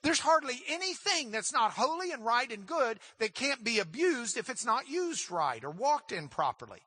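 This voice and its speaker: A man teaching a Bible class, emphatic and animated, often repeating words when excited. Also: very high-pitched, moderate pace, no echo.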